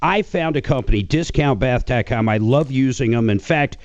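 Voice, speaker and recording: A man's voice: mid-range voice, moderate pace, dry recording, dull audio. A man co-hosting a radio talk show, endorsing a sponsor in an enthusiastic, conversational way. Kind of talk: live radio ad read and studio chat.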